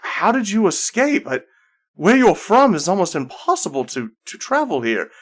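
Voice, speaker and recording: A man voicing a woman in a tabletop game, raising his voice higher and speaking in a halting, emotional way. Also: sing-song. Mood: astonished, emotional. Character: elven woman, earnest and moved.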